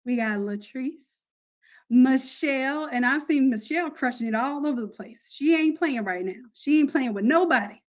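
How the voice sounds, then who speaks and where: A woman's voice: high-pitched, expressive, normal speed, highs cut off. A woman running a casual, upbeat live online class, talking to her students in a chatty, slangy way. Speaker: online course instructor.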